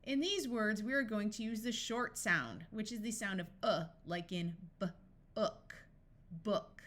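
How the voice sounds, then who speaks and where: A woman teaching a phonics lesson, sounding out each word slowly, one sound at a time. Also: mid-range voice, expressive, a bit bright. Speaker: phonics tutor. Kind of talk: slow, carefully enunciated reading lesson.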